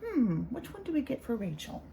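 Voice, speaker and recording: A calm, coaxing mother from a children's storybook, read aloud by a woman. Her voice rises and falls in a lively way and has a mellow, warm tone. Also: sits high, fairly quick, slight background noise, pitched above the performer's own voice, exaggerated voice. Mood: patient. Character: patient, gentle mother. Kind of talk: picture-book read-aloud.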